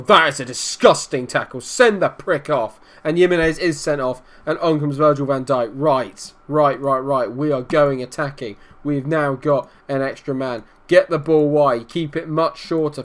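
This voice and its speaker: A man's voice: fairly high pitch, fairly even intonation, moderate pace, few pauses. Young man muttering over a match. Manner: frustrated, swings from muttering to shouting. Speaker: gaming commentator. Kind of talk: casual gameplay commentary.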